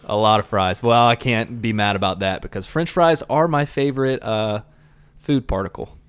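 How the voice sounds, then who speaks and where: A man's voice: on the low side, normal speed, clear, resonant tone. A man co-hosting a casual podcast, trading teasing, wry banter with his friend. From Georgia, USA. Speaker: podcast co-host. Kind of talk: casual chat.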